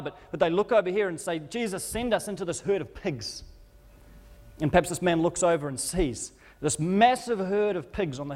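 In a mid-range, darkish voice trailed by long reverb, a male preacher tells a story as a sermon. His vivid, dramatic retelling rises and falls in intensity and stumbles now and then.

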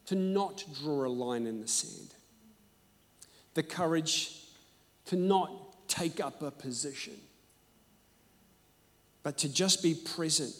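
A man preaching a sermon and telling personal stories, animated and emphatic, moving between loud and hushed. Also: a little high. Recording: echoey hall.

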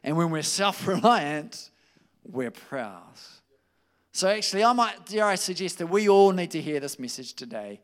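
A man preaching a conversational sermon, lively and informal, slipping into quoted voices. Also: fairly high pitch, unhurried. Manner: conversational, animated, with restarts and acted quotes.

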